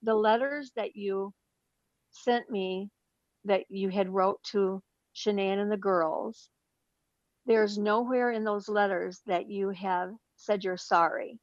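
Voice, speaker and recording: A woman's voice: mid-range voice, fairly even intonation, slow pace, no room sound, highs cut off. A woman being interviewed as a book author, recounting events earnestly with frequent fillers. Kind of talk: interview answers.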